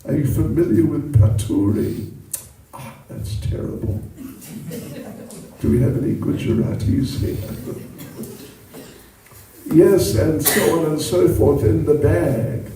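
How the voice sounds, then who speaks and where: Slow, animated man telling a sermon story. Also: fairly high pitch, slight background noise. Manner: animated, slow, with asides to the audience. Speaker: monk giving a talk. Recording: echoey hall from far off.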